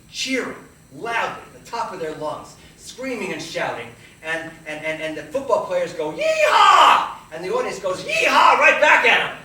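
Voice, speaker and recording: A man telling comic stories from his own life in a solo stage show, with lively stammered restarts and banter with the audience. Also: a little high, noisy background. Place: theater stage with a live audience. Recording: echoey theater from far off.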